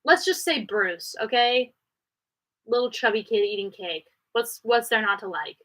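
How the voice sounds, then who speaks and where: An animated, fairly bright-toned woman from Canada hosts a live Q&A from her home studio. She answers viewers in a chatty, rambling way, her pitch jumping quickly as she moves from one idea to another, all over poor audio.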